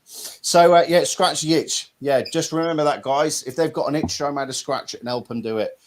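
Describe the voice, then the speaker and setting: A man's voice: on the high side, fairly quick. A middle-aged man from Norfolk, England, hosting a casual live-stream chat in a blunt, chatty way with some mild swearing. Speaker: host.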